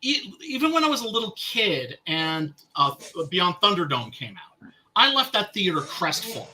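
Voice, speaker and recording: A man's voice: high voice, big pitch swings, normal speed, sharp tone. A man in a casual podcast chat, emphatic, repeating himself and swearing freely. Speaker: podcast host.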